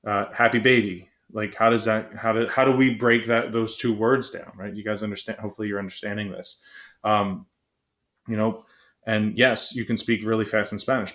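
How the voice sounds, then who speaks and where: A man giving a casual classroom lecture, quick and conversational, often checking in with "right?" and filling pauses with "um". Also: fairly low pitch, little pitch movement, a bit bright. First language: English.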